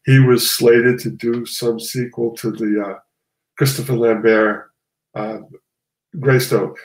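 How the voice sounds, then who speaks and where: A man's voice: mid-range voice, little pitch movement, slow pace, reverberant, poor audio. A man, a comic artist guest, talking casually and rambling, often restarting and correcting himself. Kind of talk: casual conversation.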